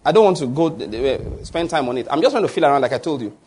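Male pastor, high voice, husky, preaching a sermon with call-out questions. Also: animated, fast, darkish tone. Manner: asks the congregation rhetorical fill-in questions.

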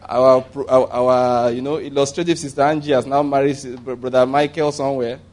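A man preaching a sermon in a humorous, conversational way. He chuckles at his own jokes and jumps up in pitch to stress a point. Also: brisk. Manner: animated, jumping up in pitch for emphasis.

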